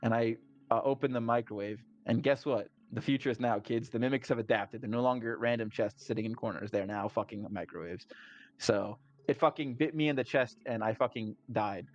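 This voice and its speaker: A man's voice: medium pitch, fairly quick. A man casually recapping a tabletop game session, swearing freely, laughing, and acting out his friends' lines. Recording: dull lo-fi sound.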